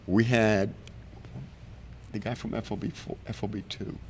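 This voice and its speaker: Low-voiced older man telling war stories. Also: normal speed, a little hiss or hum. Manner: animated, acts out quoted voices. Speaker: Vietnam veteran guest. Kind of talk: casual storytelling.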